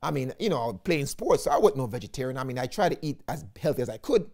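A Jamaican-accented man preaches a sermon, his voice swooping up and down as he makes his points. He speaks at an ordinary middle pitch and keeps calling out to his listeners as friends. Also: quick pace. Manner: animated preaching, often addresses listeners as "friends", slips into patois. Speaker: evangelist.

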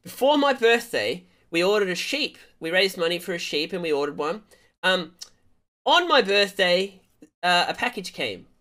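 Animated, rambling male game streamer. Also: sits high, normal speed. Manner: rambling, playful, jumps into loud excited outbursts. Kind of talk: comic storytelling to stream chat.

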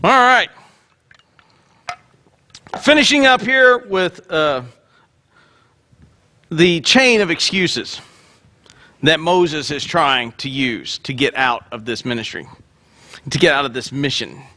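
Pastor guy preaching in church, high voice, bouncy and jokey. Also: takes it slowly, long pauses. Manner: lively, joking asides; acts out the dialogue in voices. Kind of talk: sermon.

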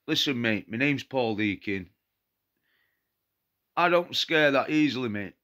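A man's voice: mid-range voice, animated, takes it slowly, pauses often, pushed and bright. A man with a Nottinghamshire accent, a paranormal vlogger, ranting to camera in an indignant, repetitive and defiant way. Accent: Nottinghamshire English. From England. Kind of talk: angry direct-to-camera rant.

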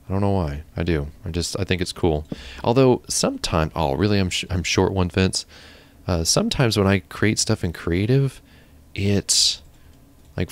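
A man hosting his own gaming channel, chatting casually and thinking aloud while he builds. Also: low-pitched. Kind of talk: casual gameplay commentary.

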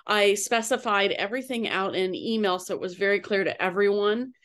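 A middle-aged woman coach tells a personal story, earnest and unhurried, dropping fillers as she goes. Her voice sits at an ordinary middle pitch. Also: fairly bright tone.

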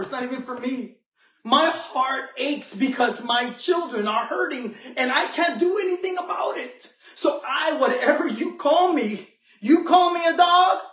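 A man's voice: extremely high pitch, a bit bright, recorded from a distance, pitched above the performer's own voice. A man voicing a pleading desperate mother. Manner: pleading, insistent. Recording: echoey room, mic from afar.

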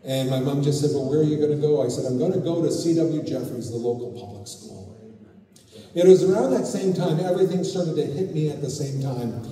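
A middle-aged Canadian pastor telling his life story in a sermon, relaxed and full of fillers. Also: fairly high pitch, a little fast. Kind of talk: sermon testimony. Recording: echoey hall from far off.

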